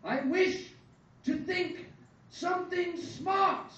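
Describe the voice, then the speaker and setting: A man putting on a strained, high, childlike teen boy. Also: very slow, sharp tone, heavy reverb, recorded from a distance, lo-fi sound, heavily acted. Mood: straining. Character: childlike teenage boy Joseph, earnest and slow.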